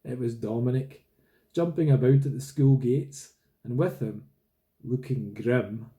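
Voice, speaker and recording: Dark-toned man reading aloud. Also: medium pitch, measured pace. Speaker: reader.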